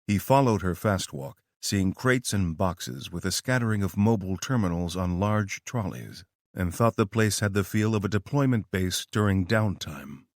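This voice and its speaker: Low-voiced male audiobook narrator. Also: normal speed, no echo, studio quality. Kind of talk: scripted narration of military horror.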